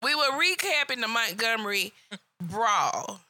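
A woman's voice: on the high side, sing-song, unhurried, sharp tone, dry recording. A woman co-hosting a casual live chat, telling blunt, profane work stories. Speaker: co-host. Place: live online stream.

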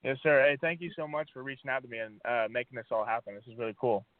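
A man's voice: medium pitch, fast talker, dry recording. Young male athlete guest, laid-back, filler-heavy; dry, phone-like sound. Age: young adult. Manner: relaxed, many fillers. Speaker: college football player guest. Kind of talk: casual interview answers. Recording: dry phone-line audio.

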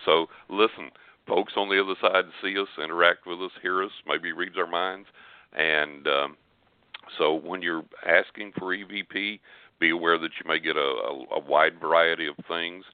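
A man's voice: deep voice, steady tone, normal speed, clear, resonant tone, no room sound. An older man telling a story as a guest on a call-in radio show, earnest and rambling, with frequent restarts. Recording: tinny phone line.

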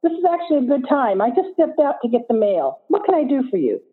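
A woman's voice: high-pitched, sing-song, fast, husky, voice pushed up, full character voice. A woman reading aloud as a young, sincere psychic woman with a lilting, pleasant manner, over a tinny phone-like line. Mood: earnest. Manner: lilting, pleasant, a bit indignant.

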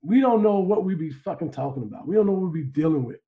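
A man co-hosting a podcast, telling stories in loud, profane, animated banter. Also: on the high side, fast, narrow, tinny audio. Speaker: podcast co-host.

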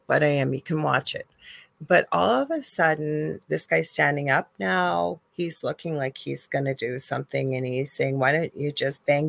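Gravelly woman telling a story with feeling. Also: low voice, dry recording. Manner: emotional storytelling, animated. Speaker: co-host. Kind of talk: live call-in chat.

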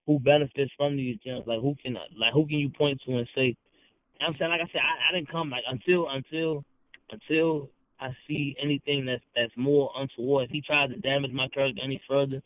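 A man's voice: mid-range voice, fairly even intonation, brisk. A man talking as a podcast guest, heated and confrontational, full of slang and repeating himself. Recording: tinny phone-like sound.

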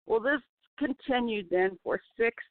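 A woman giving an emotional personal testimony by phone, halting and often restarting her sentences. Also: on the high side. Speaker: testimony guest. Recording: dry tinny phone line.

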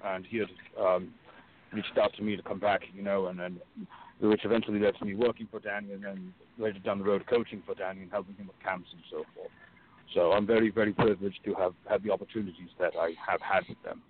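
A man being interviewed as a guest, telling stories in an earnest, measured way over the phone. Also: lowish voice, level tone. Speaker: guest wrestler and coach. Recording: tinny phone line with hiss.

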